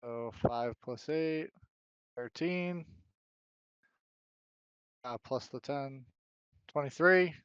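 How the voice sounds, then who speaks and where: Slow, smooth-voiced man adding up dice. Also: mid-range voice, a bit bright, no echo. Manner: works out dice math aloud. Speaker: player. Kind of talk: casual tabletop game play. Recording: slightly muffled lo-fi audio.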